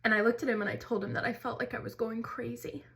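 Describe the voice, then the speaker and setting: A woman's voice: fairly high pitch, steady tone, fast, vocal fry, fairly bright tone. A woman candidly telling a personal story to camera, earnest and conversational, like a storytime vlog. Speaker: mother sharing her story.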